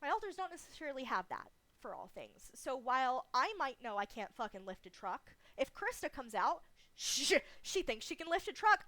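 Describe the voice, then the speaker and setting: A woman's voice: fairly high pitch, big pitch swings, moderate pace, bright, forceful tone, dry recording. A woman streamer talking casually and candidly in a livestream Q&A, swearing freely and laughing often.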